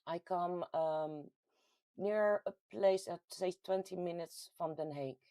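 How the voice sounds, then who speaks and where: A woman from the Netherlands with a Dutch accent hosts a casual livestream, chatting and reading viewer comments aloud. Her voice sits fairly low and she laughs easily. The sound is dry and close, with no room echo. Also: slow, warm tone. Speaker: livestream host reading chat. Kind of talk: casual live chat. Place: at home.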